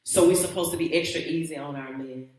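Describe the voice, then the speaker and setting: A woman's voice: deep voice, fast talker, a little mellow. A woman hosting a talk show, challenging her co-host with pointed questions in a casual debate. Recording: echoey room.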